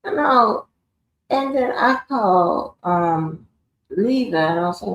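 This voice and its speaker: Female streamer, gravelly and hard-swearing, confrontational rant, echoey room. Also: mid-range voice, expressive, slow pace. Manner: profane, confrontational, swears heavily. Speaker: live stream host. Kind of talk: ranting live stream monologue.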